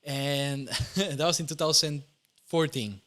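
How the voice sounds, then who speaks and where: A man's voice: a little high, slow, a bit bright. A young man from Costa Rica with a Costa Rican Spanish accent, telling his personal testimony in an interview, earnest and often laughing, correcting himself mid-sentence. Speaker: interview guest.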